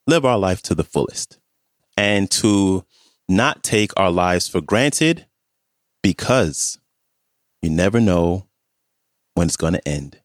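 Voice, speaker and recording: A man hosting a podcast, giving a measured, unhurried introduction to the episode. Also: low-pitched, no echo, clean studio sound. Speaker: podcast host.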